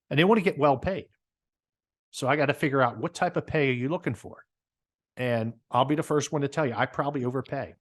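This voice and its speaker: A man with a New Jersey accent, a guest telling stories in a casual interview, animated and repeating words as he talks. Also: medium pitch. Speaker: guest, business owner.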